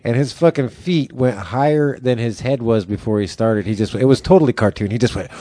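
A man in his forties telling a wild story in casual chat, animated, swearing often and acting out the voices of people in it. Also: mid-range voice, fairly quick, no echo.

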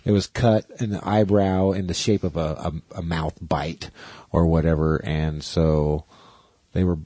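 A man's voice: deep voice, little pitch movement, unhurried, mellow, dry recording. A man co-hosting a podcast, rambling and joking in casual chat, often trailing off mid-sentence. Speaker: podcast co-host.

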